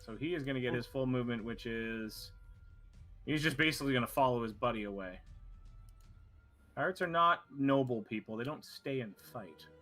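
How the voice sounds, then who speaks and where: A man's voice: mid-range voice, normal speed, sharp tone, soft background music. A man narrating a tabletop game as game master, casual and rambling, cursing freely.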